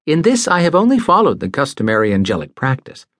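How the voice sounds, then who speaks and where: A male narrator voicing a gentle, earnest male angel who speaks in a measured, formal way. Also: mid-range voice, huge pitch swings, no echo, clean studio sound.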